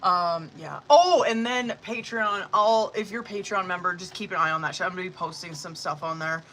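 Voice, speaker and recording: A man's voice: high voice, brisk, sharp tone. A man doing a casual, profane, chatty live tarot stream on his phone, laughing often. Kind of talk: casual livestream chat.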